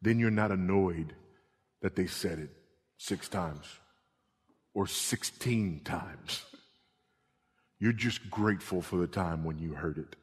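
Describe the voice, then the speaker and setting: A middle-aged male pastor preaching a sermon, swinging between emphatic repeated warnings and hushed, low passages. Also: slow pace, long pauses. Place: church sanctuary. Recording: long reverb of a church hall.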